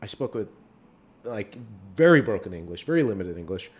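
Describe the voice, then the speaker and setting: A man's voice: lowish voice, big pitch swings, brisk. A man from Iran whose first language is Farsi, co-hosting a podcast in an easygoing way and often restarting his sentences. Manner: easygoing, restarts and trails off while thinking. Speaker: podcast co-host, lawyer. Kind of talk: casual conversation.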